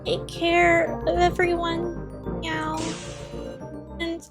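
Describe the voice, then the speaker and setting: Woman playing a gentle little boy, soft and high, unhurried. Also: completely flat delivery, music in the background, full character voice. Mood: tender. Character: brave sweet little boy.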